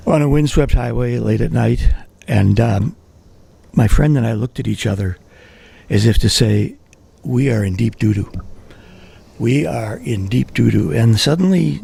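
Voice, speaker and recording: Male live storyteller, deadpan and wry, raspy gravelly tone. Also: medium pitch. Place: live event at a writers' center.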